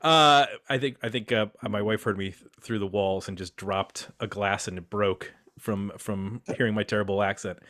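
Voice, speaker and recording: A man's voice: on the low side, fairly even intonation, moderate pace, hardly any pauses, fairly bright tone. A man hosting a casual podcast roundtable, chatty and self-deprecating as he introduces his guests. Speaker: podcast host.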